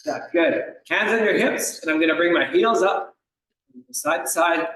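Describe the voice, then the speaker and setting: A man's voice: sits high, normal speed, a bit bright, slight background noise. Upbeat man coaching an exercise class. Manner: upbeat, encouraging, counts out reps. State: slight cough. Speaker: fitness instructor. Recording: echoey room, voice far from the mic.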